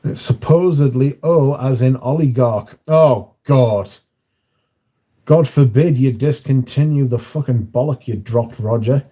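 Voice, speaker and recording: A man's voice: mid-range voice, a little slow, mellow. A man hosting a livestream in casual chat, reading out viewer comments and answering them in a dry, offhand way.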